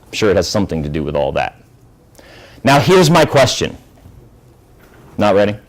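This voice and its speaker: Lively man teaching a class. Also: lowish voice, normal speed, poor audio. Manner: lively, asks the class questions. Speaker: high school English teacher.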